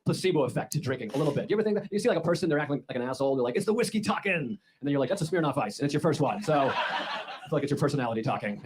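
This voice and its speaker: Fast, sarcastic stand-up man. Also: medium pitch, darkish tone. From United States. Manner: sarcastic, exasperated storytelling. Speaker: stand-up comedian. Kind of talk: stand-up comedy set. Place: comedy club stage before a laughing audience. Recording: live audience noise throughout.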